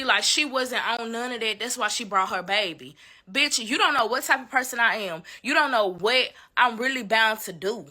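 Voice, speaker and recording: A young woman telling a story to her viewers in a casual, animated way, swearing freely and talking straight to the audience. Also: fairly high pitch, no echo. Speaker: storytime vlogger.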